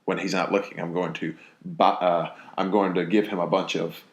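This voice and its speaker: A man's voice: low voice, little pitch movement, moderate pace. A man in his twenties co-hosting a casual podcast, bantering playfully and laughing often. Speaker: podcast co-host. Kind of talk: casual joking chat. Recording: echoey room.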